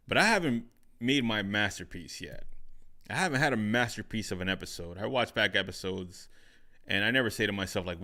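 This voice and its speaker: A man hosting his own podcast, talking it through in a relaxed solo chat from his home studio and often repeating himself with a questioning "right?". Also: fairly low pitch, moderate pace. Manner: reflective, repeats phrases, frequent "right?". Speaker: podcast host. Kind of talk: solo casual talk. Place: home studio with curtains behind. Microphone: studio microphone on overhead stand.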